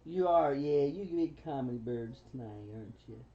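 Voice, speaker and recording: A woman chatting fondly with her pet bird at home, cooing pet names and laughing softly. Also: rumbling low, animated, moderate pace. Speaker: pet bird owner on a livestream. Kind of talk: casual chat with a pet. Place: indoors at home. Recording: dull lo-fi home livestream audio.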